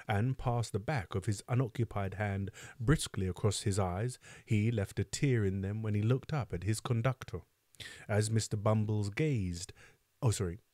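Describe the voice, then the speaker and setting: A man reading a classic novel aloud, with a low, dark, mellow voice. He keeps a steady narrating pace and stops now and then to comment on a phrase. The recording is dry and close. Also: no room sound. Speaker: book club reader.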